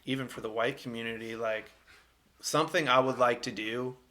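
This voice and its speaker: A man's voice: medium pitch, fairly even intonation, moderate pace, bright, forceful tone. A young man from Louisiana hosting a podcast, chatting casually in a rambling way with lots of fillers and swearing. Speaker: podcast host. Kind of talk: casual chat.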